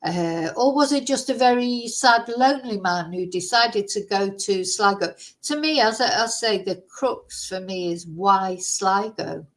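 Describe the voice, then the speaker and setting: A woman's voice: mid-range voice, unhurried, hardly any pauses, rough recording. A woman vlogger in casual chat, thinking aloud and musing through lots of rhetorical questions.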